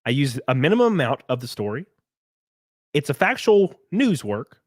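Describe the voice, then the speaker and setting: A man chats on his livestream, reading viewer messages aloud and mimicking critics in mocking voices. His voice sits at an ordinary middle pitch, and the room sounds dry and close. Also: normal speed, no echo. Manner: animated, swears, mocks critics in put-on voices. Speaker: livestream host. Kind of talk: casual livestream chat reading super chats.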